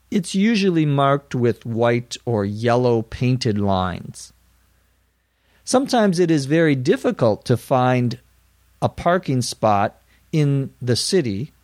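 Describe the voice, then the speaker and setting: A man's voice: medium pitch, dry recording, clean studio sound. A man teaching English vocabulary, explaining words carefully in a scripted lesson.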